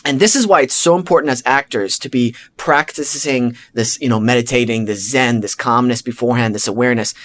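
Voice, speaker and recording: A male podcast host telling a story in a casual, animated way, acting out his own thoughts and filling gaps with "like" and "you know". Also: medium pitch, fairly quick, few pauses, a little hiss or hum. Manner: frequent "like" and "you know" fillers.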